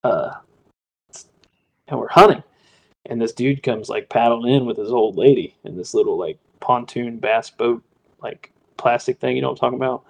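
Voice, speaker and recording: Gravelly laid-back podcast host guy. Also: medium pitch, normal speed, low-quality recording. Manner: laid-back, slangy, says "like" and "dude" a lot. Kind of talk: casual storytelling chat.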